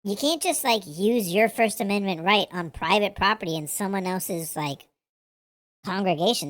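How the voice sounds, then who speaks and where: A woman's voice: medium pitch, normal speed, dry recording. A woman hosting a reaction commentary, talking bluntly and profanely, with lots of fillers. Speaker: commentary host.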